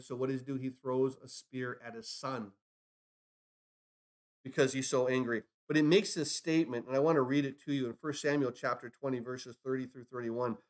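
A man preaching a sermon, building emphasis with rhetorical questions and retelling scripture stories. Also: mid-range voice. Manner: acts out scripture dialogue in retellings. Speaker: pastor.

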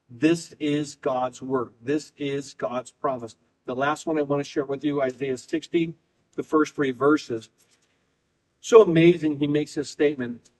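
A man's voice: fairly high pitch, rough recording. Guy preaching a sermon, leans hard on his words, keeps repeating himself. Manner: emphatic preaching, speeding up and slowing down, repeating phrases. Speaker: pastor.

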